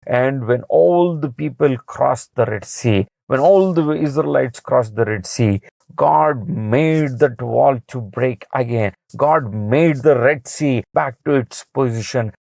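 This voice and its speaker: An earnest man with an Indian English accent retells a scripture story for a morning devotion, saying each key phrase twice. His delivery is very slow, and his voice has a gravelly fry. The recording is dry and close, with no room sound. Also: medium pitch, a little mellow, no echo, low-quality recording. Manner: repeats each phrase for emphasis; earnest, plain wording. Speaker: devotional speaker.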